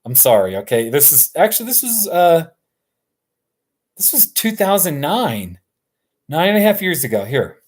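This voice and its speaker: A man hosting a live stream from his couch, chatting casually in a relaxed, rambling way and chuckling often. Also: a little high, moderate pace, pauses often. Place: sitting on a couch at home.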